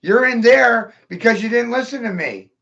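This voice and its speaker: A man's voice: extremely high pitch, lively intonation, moderate pace, creaky, pushed and bright, highs cut off. A man ranting angrily and profanely on a live stream, agitated and upset. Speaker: livestreamer. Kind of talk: angry live-stream rant.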